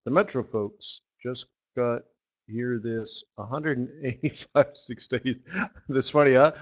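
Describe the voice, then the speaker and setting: Host of a markets webinar, male, mid-pitched, wry and rambling, muffled lo-fi sound. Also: a little slow. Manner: sarcastic, joking, rambling asides with laughs. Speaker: forex market strategist hosting a live webinar. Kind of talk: live trading webinar commentary.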